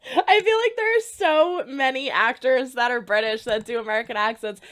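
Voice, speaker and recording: In an excited reaction vlog, a woman hosting the channel gushes with bubbly enthusiasm. Her voice sits high and fairly bright, at a normal speed.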